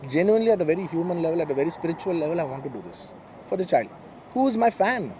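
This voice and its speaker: Brief: man, Indian English accent, Telugu native, emotional press-meet statement, rapid and a touch high, mellow tone. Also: sing-song, slight background noise. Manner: emotional, earnest, repeats himself. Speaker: film actor at a press meet.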